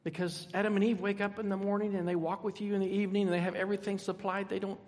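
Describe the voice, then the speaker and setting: An older man voicing personified Hope, eager and restless, complaining quickly that it has had nothing to do yet. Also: high-pitched, level tone, darkish tone, voice pushed up, close to an everyday voice. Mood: puzzled. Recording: echoey hall.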